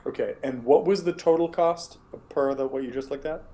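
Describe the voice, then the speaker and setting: A man running a tabletop game, narrating at an ordinary middle pitch. His talk is casual and profane. He rambles through restarts and "like"s. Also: moderate pace, warm tone, low-quality recording. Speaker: game master.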